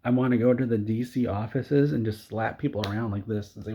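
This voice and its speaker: A man's voice: on the low side, a little fast, mellow, slight background noise. A man delivering an exasperated comedic movie rant, stumbling over and repeating his words. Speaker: video creator.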